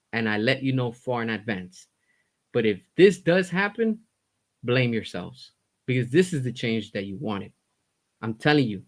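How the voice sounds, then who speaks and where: A man hosting his own commentary stream, ranting in a heated, blunt way. He swears, repeats himself for emphasis and sounds fed up. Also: mid-range voice. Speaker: commentary host. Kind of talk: heated opinion rant.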